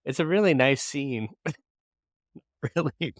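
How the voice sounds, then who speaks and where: A man's voice: medium pitch, lively intonation, takes it slowly, dry recording, clean studio sound. A man co-hosting a podcast, chiming in with short reactions and laughs during a casual comic book chat. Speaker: podcast co-host.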